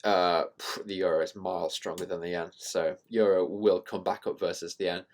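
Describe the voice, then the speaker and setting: A man's voice: sits low, steady tone, moderate pace. Rambling man talking charts. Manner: rambling, self-deprecating, thinking out loud with fillers. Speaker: trading channel host. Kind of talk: casual screen-share market commentary.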